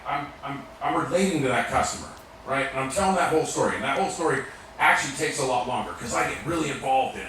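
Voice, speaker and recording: A man telling animated, profane sales stories to a live audience. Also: medium pitch. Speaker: sales technician speaking to an audience. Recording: echoey room, mic far off, faint room noise.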